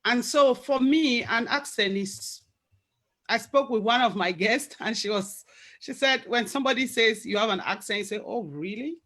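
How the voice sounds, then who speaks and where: A woman's voice: fairly high pitch, normal speed, a bit bright. A woman with an African accent hosting an interview, chatting in an encouraging and friendly way. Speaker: host. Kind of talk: conversational interview.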